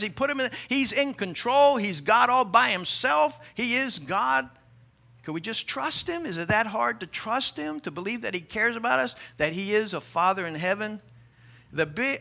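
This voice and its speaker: A male pastor preaching a sermon, animated and emphatic, asking the congregation rhetorical questions. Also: high voice.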